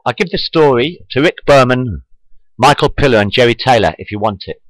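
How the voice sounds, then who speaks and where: A man's voice: medium pitch, fairly quick, dry recording, low-quality recording. A man reading his own fan fiction aloud into a webcam at home, repeating lines as he goes. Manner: animated storytelling, repeats lines.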